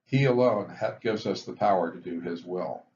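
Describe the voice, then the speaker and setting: A man explaining the twelve recovery steps in a measured, explanatory lecture, stressing each step heading. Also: low voice, a little mellow. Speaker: physician teaching addiction recovery. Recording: dull lo-fi recording with faint hiss.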